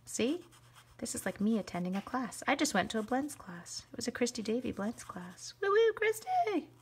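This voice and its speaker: A woman hosting a live craft stream, chatting to viewers as she colors, quick to gush and laugh. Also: fairly high pitch, breathy edge. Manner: chatty, excitable, talks to viewers while coloring.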